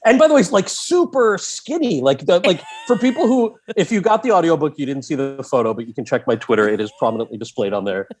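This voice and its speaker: A man in his forties, a podcast guest, telling a long story in an animated way and acting out the voices of the people in it. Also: on the high side, quick pace, few pauses. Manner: animated, acts out quoted voices in his anecdotes.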